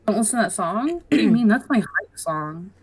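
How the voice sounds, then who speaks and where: A young adult woman co-hosting a casual podcast, talking haltingly with restarts and easy laughs. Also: mid-range voice, big pitch swings, slightly rough, rough recording. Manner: halting, restarts mid-sentence, laughs easily. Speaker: podcast co-host. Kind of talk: casual chat.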